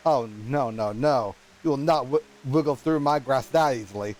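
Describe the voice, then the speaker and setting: A man's voice: mid-range voice, moderate pace, darkish tone, close to an everyday voice, rough recording. A man voicing a polite, proper male noble patron, reading game dialogue aloud in a formal manner and stumbling over words.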